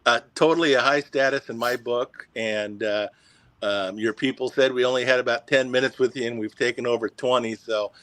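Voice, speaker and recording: A man hosting a casual chat, full of praise for his guest, who fills his pauses with "uh" and "um". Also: mid-range voice, fairly even intonation, a bit bright, no echo. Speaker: host.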